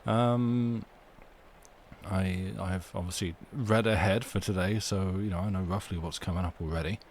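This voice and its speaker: A man's voice: low-pitched, steady tone, moderate pace, a little mellow, a little hiss or hum. A young man hosting a live reading stream, chatting casually at his home desk mic with a rambling, self-deprecating manner. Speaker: storyteller and stream host. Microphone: desk microphone.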